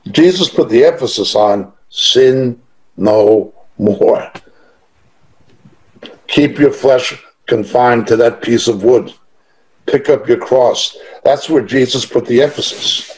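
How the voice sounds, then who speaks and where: A man's voice: mid-range voice, poor audio. A man preaching a sermon in an emphatic, conversational way, mixing personal testimony with teaching.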